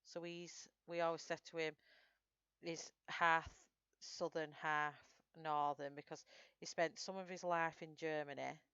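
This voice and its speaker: A woman's voice: deep voice, flat delivery, a little slow, fairly bright tone, clear, resonant tone, no echo, dull audio. A woman with a Northern English accent, chatting through a live colouring tutorial and answering viewers' comments as she works. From Northern England. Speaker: streamer.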